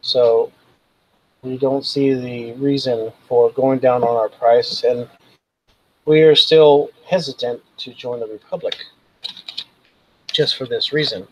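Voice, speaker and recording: A man's voice: mid-range voice, fairly even intonation, slow pace, long pauses, darkish tone, slight background noise, lightly acted, poor audio. A man voicing a stiff, formal protocol droid translator with stilted diplomatic phrasing.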